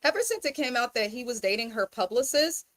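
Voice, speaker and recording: A woman's voice: fairly high pitch, expressive, brisk, fairly bright tone. A woman from the Bay Area, hosting a casual reality TV recap in a blunt, exasperated way. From Bay Area, California. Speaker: host.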